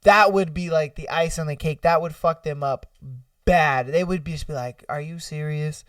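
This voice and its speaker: High-voiced guy riffing on a podcast, swears a lot, laughs, sits back from the mic in a dry room. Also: normal speed, no echo, distant mic. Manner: animated, profane, laughs often, acts out scenarios. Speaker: podcast host. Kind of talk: casual solo commentary reading listener ideas.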